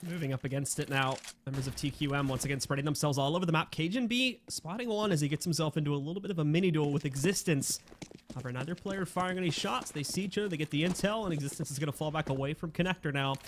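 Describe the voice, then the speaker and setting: A man giving lively play-by-play commentary on an esports match, chatty and quick to laugh. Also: on the high side, slight background noise. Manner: laughs easily, upbeat and chatty. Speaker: esports caster.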